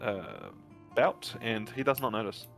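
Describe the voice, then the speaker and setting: Halting man running a tabletop game. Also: on the low side, huge pitch swings, gravelly, a bit bright, soft background music. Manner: halting, with many fillers and restarts. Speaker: dungeon master.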